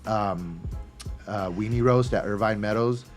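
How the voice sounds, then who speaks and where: Profane man telling loud work stories. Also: fairly low pitch, a little slow, soft background music. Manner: profane, animated storyteller. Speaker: podcast host. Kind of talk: casual storytelling chat.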